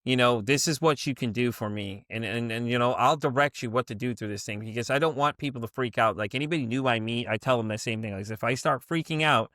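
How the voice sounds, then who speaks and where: A man hosting a podcast interview, telling a story in a rambling, animated way with many restarts. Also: medium pitch, fast, hardly any pauses, no room sound, clean studio sound. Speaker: podcast host. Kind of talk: casual interview chat.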